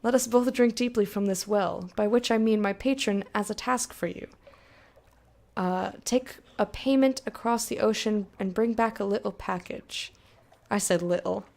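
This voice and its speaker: A woman's voice: fairly high pitch, fast, darkish tone, natural voice. A woman voicing a menacing, mock-polite male go-between in a game, trying an accent she admits is bad. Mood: sly. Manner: florid, mock-courteous reading with a fumbled accent.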